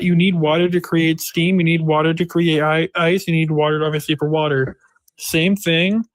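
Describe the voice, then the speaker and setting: A man with a slightly raised pitch talks in a casual online debate. He lays out his point slowly, repeating himself step by step. The sound is close and dry. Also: no room sound. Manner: slow, repetitive explaining, drawing out words. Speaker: debater in a voice chat.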